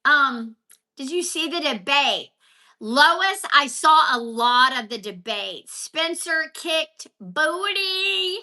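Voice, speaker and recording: Brief: woman, live-stream host, high and sharply bright voice, unhurried, chatty rants to her viewers. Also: lively intonation. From Texas. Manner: ranting, chatty, answers viewer comments by name. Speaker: livestream host. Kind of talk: casual live-stream chat. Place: home, at a counter. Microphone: phone held vertically.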